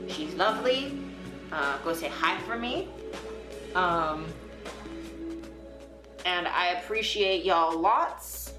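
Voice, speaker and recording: A young woman streaming from home, her voice sitting on the low side as she rambles, swears casually and trails off into fillers. The room is echoey, and music plays clearly behind her. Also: expressive, takes it slowly, pauses often. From Toronto, Canada. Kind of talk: casual live-stream chat. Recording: roomy echo with music playing.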